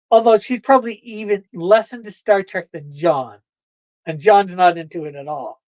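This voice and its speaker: A woman's voice: on the low side, measured pace, pauses often, a little mellow, no echo, highs cut off. A woman hosting a livestream, chatting casually with viewers, rambling and laughing often. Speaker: livestream host.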